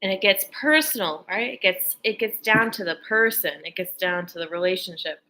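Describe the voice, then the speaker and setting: Intense bright-voiced woman vlogger. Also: mid-range voice, moderate pace. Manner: intense, rambling and profane, with fervent religious talk. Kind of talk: emotional spiritual monologue.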